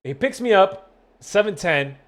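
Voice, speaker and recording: A young adult man, a gaming streamer, telling a long story to his stream chat in a rambling, profane, animated way, acting out what everyone said. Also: high voice, measured pace. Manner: rambling, profane, animated retelling with quoted dialogue.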